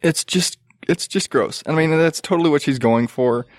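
A man's voice: fairly high pitch, moderate pace, dry recording, studio quality. A man hosting a podcast, ranting in a profane, exasperated and sarcastic way. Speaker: podcast host. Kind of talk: ranting casual commentary.

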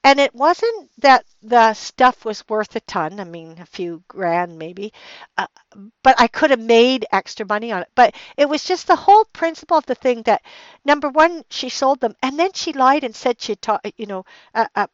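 A middle-aged woman with a somewhat high voice tells a personal story on her podcast. She rambles, restarts her sentences and turns emphatic as her anger comes through. The recording is dull and lo-fi, with a dry, close sound. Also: animated, moderate pace, dry recording. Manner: rambling, full of restarts and fillers; heated and emphatic when retelling anger. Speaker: podcast host.

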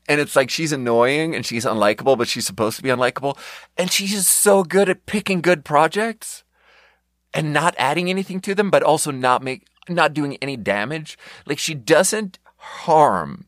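A man's voice: on the high side, moderate pace, fairly bright tone, dry recording, studio quality. A young man from Europe, a podcast host, rambling sarcastically in an unscripted rant and swearing often.

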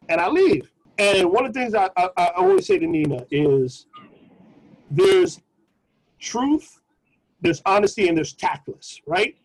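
A man co-hosting a podcast, telling a personal story in a casual, slangy, animated way. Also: high voice, moderate pace, poor audio. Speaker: podcast co-host.

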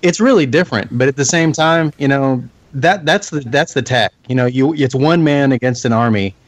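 A man's voice: medium pitch, normal speed, dry recording. A man co-hosting a movie podcast, enthusiastic and emphatic in casual chat. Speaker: podcast co-host.

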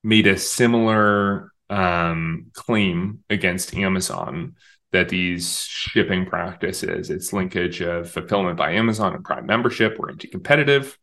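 A man with a fairly low voice talks through his opinions as an interview guest. He is chatty and emphatic, and he often restarts mid-sentence as he builds a point. The tone is relaxed and conversational, as if speaking to the interviewer. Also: unhurried. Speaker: interview guest, communications director.

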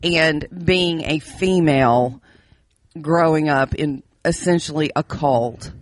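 A woman co-hosting a casual podcast, speaking in a fairly low voice. She tells stories candidly and wryly, laughs often, and restarts her sentences as she goes. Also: slow. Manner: wry about her strict religious upbringing. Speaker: podcast co-host. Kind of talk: casual chat.

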